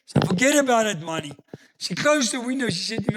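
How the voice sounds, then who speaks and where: A man's voice: sits high, expressive, quick pace, noisy background. A man pastor preaching a sermon in an emphatic, storytelling manner, full of rhetorical questions.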